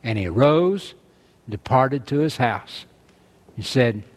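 A man's voice: medium pitch, animated, slow. A man preaching a sermon, earnestly reading scripture aloud and driving his points home with emphasis.

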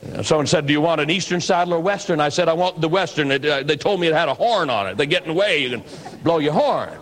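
A man's voice: fairly high pitch, animated, quick pace, poor audio. A man in his sixties from the northwestern United States, a pastor and evangelist, telling his life story as a sermon in a folksy storytelling manner. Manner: folksy storytelling, acts out quoted voices. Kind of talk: personal testimony sermon.

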